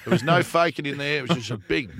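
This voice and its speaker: A man's voice: on the high side, quick pace, a crowd in the background. A man with an Australian accent, co-hosting a podcast and telling a story in casual chat, laughing often and doing quoted voices. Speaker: podcast co-host.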